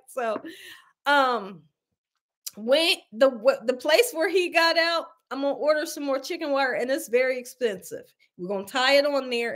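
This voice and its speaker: A woman telling a story to her viewers on a casual livestream, animated and exclamatory, calling them y'all. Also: high-pitched. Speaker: cooking channel host.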